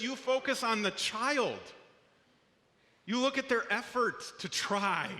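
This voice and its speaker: Speaking earnestly and conversationally, a male pastor preaches a sermon, now and then restarting a phrase. His high voice rings bright, and the long reverb of a church hall surrounds it.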